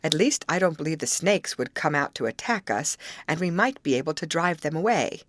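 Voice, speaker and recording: Lady reading as a worried girl, kinda hopeless, lively ups and downs. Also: low-pitched, fairly quick, no echo. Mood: anxious. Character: anxious, worried young woman.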